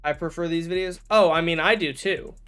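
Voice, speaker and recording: A man with a slightly high voice chats casually through a game stream, rambling and restarting his sentences as he goes. He slips into joking mock outrage, with soft music playing faintly underneath. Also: fairly quick, clean tone. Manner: rambling, self-correcting, jokey mock outrage. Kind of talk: casual livestream chat while gaming.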